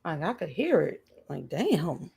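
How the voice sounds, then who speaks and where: A woman's voice: deep voice, very animated, measured pace, gravelly, noisy background. A woman hosting a livestream, giving blunt, sarcastic commentary with plenty of swearing. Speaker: stream host reacting to a livestream. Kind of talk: casual commentary.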